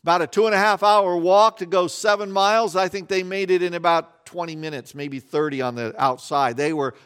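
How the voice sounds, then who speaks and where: A man preaching a sermon, telling the story in an animated way and acting out the scenes, often dropping to a quiet voice. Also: sits high, a little fast, clear, resonant tone. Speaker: pastor.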